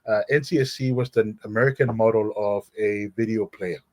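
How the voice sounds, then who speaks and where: A man from Samoa with a Samoan accent, a podcast guest telling stories in a conversation, animated and laughing as he talks. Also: lowish voice, moderate pace. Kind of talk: storytelling in a conversational interview.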